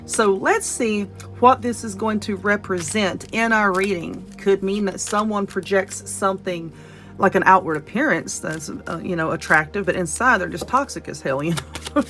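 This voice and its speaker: A woman's voice: medium pitch, normal speed, a bit bright, soft background music. A woman giving a casual tarot and Lenormand card reading, blunt and chatty, often checking in with "okay?" and "you know". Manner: laughs and yawns between points.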